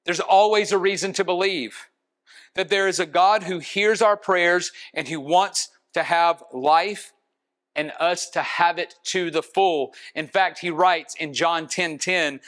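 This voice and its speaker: Man, high voice, pastor, earnest sermon, slows for emphasis. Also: fairly bright tone. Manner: earnest preaching, slowing for emphasis.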